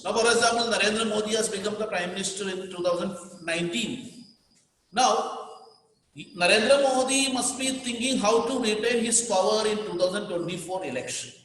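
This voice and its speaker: A man's voice: sits high, fairly bright tone. A man with an Indian English accent teaching a class, repeating key points emphatically and dictating what students should underline. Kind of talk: classroom lecture. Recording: very echoey hall, reverberant.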